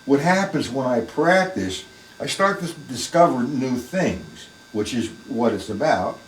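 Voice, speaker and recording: A man's voice: mid-range voice, expressive, measured pace, roomy sound, far from the mic, slight background noise, rough recording. A man teaching a live online drum lesson, plain-spoken and emphatic, talking through the strokes as he plays them in his practice room.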